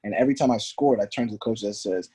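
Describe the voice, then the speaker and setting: Low, husky and quick, a former pro footballer recounts stories as a podcast guest. He gets animated, putting on voices for whoever he's quoting in the conversation.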